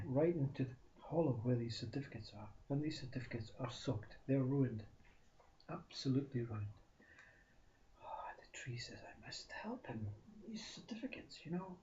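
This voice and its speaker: A man telling a spiritual parable in animated bursts, often repeating words and dropping to a whisper. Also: medium pitch. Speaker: spiritual storyteller. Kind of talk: storytelling talk. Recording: dull lo-fi recording.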